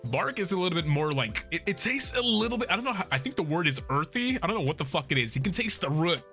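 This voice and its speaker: Excitable, swearing young man streaming games. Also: fairly high pitch, quick pace. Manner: excitable, profane, laughs often, bursts into shouts. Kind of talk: casual gameplay stream chat. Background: game music.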